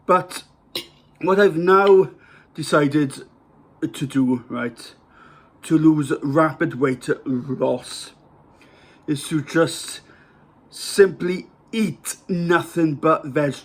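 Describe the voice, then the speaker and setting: This Welsh food vlogger, voice on the high side, talks extremely slowly with long pauses as he describes his meal at home to camera. His casual delivery is rambling and hesitant, full of fillers and self-mockery.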